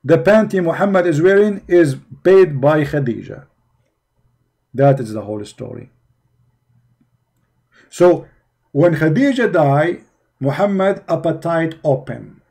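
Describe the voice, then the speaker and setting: Mocking man with a dark voice. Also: on the high side, animated, a little slow, gravelly, long pauses. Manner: mocking, emphatic, repeats rhetorical questions. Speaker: religion critic presenting. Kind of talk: commentary on articles.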